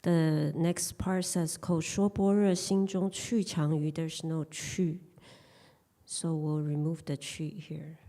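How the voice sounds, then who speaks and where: A woman translator speaks up slowly and politely in a low, mellow voice, offering a hesitant correction. Her delivery is careful and unhurried. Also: little pitch movement.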